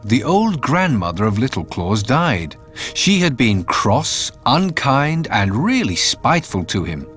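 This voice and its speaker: A man narrating a fairytale in an expressive, animated reading. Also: mid-range voice. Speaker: storyteller. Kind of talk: storybook narration. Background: faint music.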